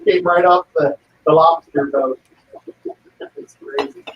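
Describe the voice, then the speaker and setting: A man's voice: a little high, huge pitch swings, slow pace, slight background noise. A man chatting casually with curious, questioning upward lilts. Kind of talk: casual chat. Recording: distant, echoey, dull mic.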